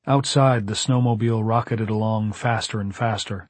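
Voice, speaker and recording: A man narrating an audiobook in a measured, dramatic storytelling manner. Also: on the low side, fairly even intonation, no room sound. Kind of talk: scripted narration.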